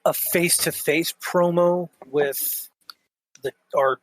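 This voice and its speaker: A man plays in a tabletop wrestling role-play and chats in a casual, easygoing way. His voice sits slightly high and is recorded dry and close. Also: steady tone, slow pace, no echo, rough recording. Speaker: player.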